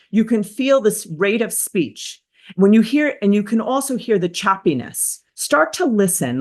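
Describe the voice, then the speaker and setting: A woman therapist hosting a motivational self-help talk, energetic and emphatic, with repetitive phrasing. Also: on the low side. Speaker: therapist and host.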